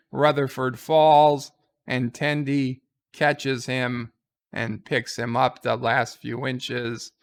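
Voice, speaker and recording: A man's voice: a little high, fairly bright tone, clear, resonant tone. A man casually recapping a TV episode as a reviewer, rambling with fillers and quoting lines.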